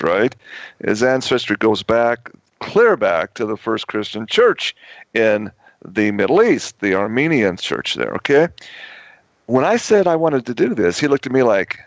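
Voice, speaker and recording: Male radio guest, storytelling, halting and repetitive; dry, muffled lo-fi audio. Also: lowish voice, no echo. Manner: rambling, many restarts and repetitions. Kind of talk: radio talk show storytelling.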